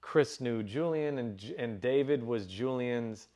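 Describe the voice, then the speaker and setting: A man's voice: medium pitch, a little slow, warm tone. A man in his forties from Dallas, Texas, telling stories as an interview guest in a loose, profane, casual way. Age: 40s.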